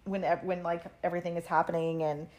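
A woman's voice: on the low side, little pitch movement, quick pace, a little mellow. A woman co-hosting a book podcast, talking in a hesitant, filler-heavy way. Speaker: podcast co-host. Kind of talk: casual chat.

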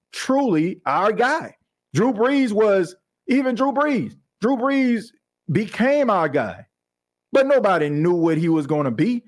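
A man hosting a podcast, talking sports in an animated, conversational way with plenty of slang. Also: high voice. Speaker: podcast host. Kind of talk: casual sports talk.

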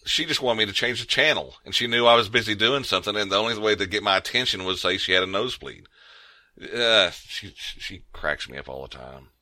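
A man's voice: on the low side, lively intonation, fairly quick, pushed and bright, dry recording. A man co-hosting a podcast in casual chat, rambling with frequent restarts. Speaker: podcast co-host.

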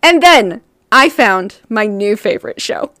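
A woman podcast host tells a story in a relaxed, chatty way, laughing often along the way. Her voice sits at an average pitch. The recording is dry and close, with no room sound. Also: unhurried, dry recording. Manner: laughs often while recounting. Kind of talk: casual storytelling chat.

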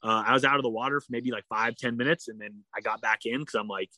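Male guest, casual animated storyteller, mid pitch, dry close recording. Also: quick pace, no echo. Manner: animated, heavy use of "like", acts out quoted dialogue.

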